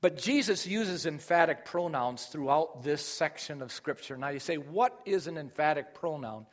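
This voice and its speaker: A man's voice: a little high, expressive, moderate pace. A middle-aged man preaching a sermon, explaining scripture and rising in force on key phrases. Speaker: pastor.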